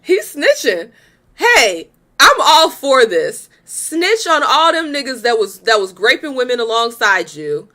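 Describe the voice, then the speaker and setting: A woman's voice: a little high, very animated, a little slow, sharp tone. A young woman hosting a reaction video, talking bluntly and with exasperation, cursing freely and laughing often while she comments. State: pregnant.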